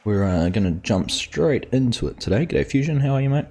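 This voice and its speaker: A man's voice: mid-range voice, lively intonation, a little fast, a little mellow. An Australian man hosting a live game stream, casually chatting and greeting viewers in chat by name as he plays. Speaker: gaming streamer host.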